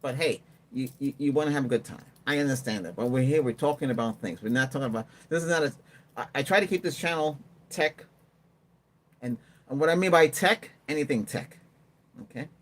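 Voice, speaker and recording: A man's voice: medium pitch, brisk. A man hosting a tech livestream, chatting casually and rambling while he answers viewer comments and laughs often. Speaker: livestream host.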